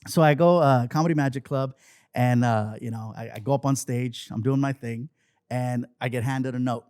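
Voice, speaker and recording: Animated storytelling man, dry sound. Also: medium pitch, normal speed, no room sound. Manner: animated, acts out voices in anecdotes. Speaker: comedian guest. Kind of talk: casual storytelling.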